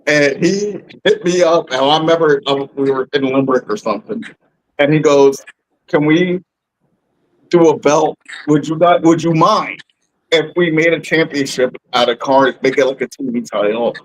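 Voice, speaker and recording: Male show host, casual chat, stammering, emotional, a touch high. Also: normal speed, rough recording. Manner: emotional, laughing storyteller with stammered restarts. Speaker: podcast host and wrestling commentator.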